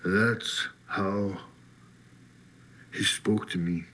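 A man slowly telling his personal faith testimony, husky voice, getting lively as he retells being set free. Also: on the low side, slight background noise. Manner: slow storytelling, lively when retelling his release. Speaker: testimony speaker.

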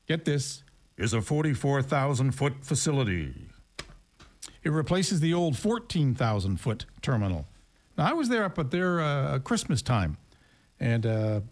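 A man hosting a radio show, chatting casually and rambling a little between songs. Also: a little high. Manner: chatty, rambling, with fillers and asides.

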